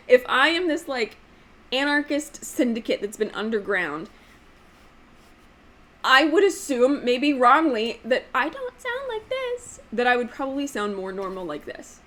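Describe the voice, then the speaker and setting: A woman hosting a casual book vlog, talking emphatically with lots of "like" fillers and sometimes showing off voices with sudden jumps in pitch. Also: fairly bright tone. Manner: chatty, emphatic, frequent "like" fillers. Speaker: book channel host.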